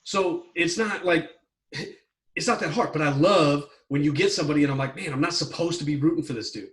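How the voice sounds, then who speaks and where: Fast-talking rambling man, a bit off-mic. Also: fairly high pitch, a bit bright, distant mic, poor audio. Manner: rambling, heavy on fillers, swears when worked up. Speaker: podcast co-host reviewing a movie plot. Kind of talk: casual chat.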